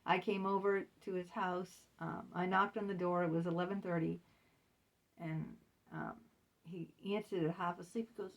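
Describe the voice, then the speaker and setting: A woman's voice: fairly low pitch, normal speed, distant mic. A woman telling a candid personal story in a casual vlog, chatty and laughing between lines. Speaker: author and vlogger.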